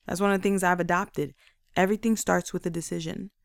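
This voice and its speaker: A woman giving a faith-based motivational monologue, energetic and acting out inner voices in quick asides. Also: on the low side, vocal fry, no room sound, clean studio sound. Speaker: motivational speaker.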